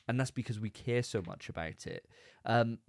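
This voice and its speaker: A man's voice: medium pitch, normal speed. A man co-hosting a podcast, chatting casually and rambling with repeated words. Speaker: podcast co-host. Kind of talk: casual chat.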